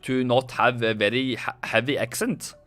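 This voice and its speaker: A man's voice: mid-range voice, steady tone, normal speed, a bit bright, soft background music. A man with a Norwegian accent, a native Norwegian speaker, hosting a casual trading live stream, joking and chatting with viewers. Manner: joking, chatty, reads chat aloud.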